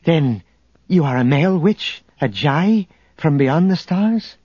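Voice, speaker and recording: A man's voice: on the high side, lively intonation, slow, warm tone, slightly rough, no echo, pitched above the performer's own voice, heavily acted. A man voicing a fierce, proud young female witch warrior with a commanding manner, on a dull lo-fi audiobook recording. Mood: curious. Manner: triumphant, commanding.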